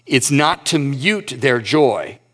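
A pastor preaching a sermon with earnest emphasis, reading scripture slowly and rising in pitch on key points. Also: male voice, lively intonation, bright, forceful tone.

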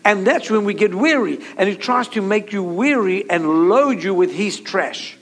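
A man with a high voice preaches with driving emphasis. He repeats key phrases and calls on his listeners to say them back to him. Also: expressive, normal speed. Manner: emphatic, repetitive preaching with call-and-response. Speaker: pastor. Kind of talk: sermon.

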